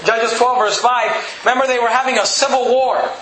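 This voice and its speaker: A pastor teaching a sermon like a Bible study, reading scripture aloud and restating it casually with frequent check-ins. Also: male voice, very high voice, steady tone, fairly quick, pushed and bright. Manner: reads scripture aloud, then restates it conversationally with frequent "okay?". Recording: echoey room, faint background noise.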